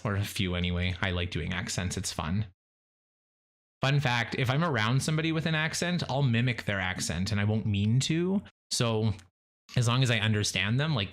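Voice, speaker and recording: A man streaming gameplay live, chatting casually with many fillers and restarts, rising in pitch when excited.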